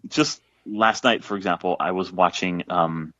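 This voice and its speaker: A man in his forties with a deep, low voice talks through a casual podcast conversation. He rambles, restarts sentences and leans on fillers. The recording is dry and slightly dull. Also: normal speed, fairly bright tone, no room sound. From south Texas. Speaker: guest author.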